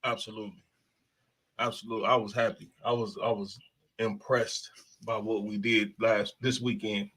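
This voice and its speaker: Male studio guest, husky, earnest and affirming. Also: on the low side, flat delivery, moderate pace, a bit bright, rough recording. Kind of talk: studio discussion.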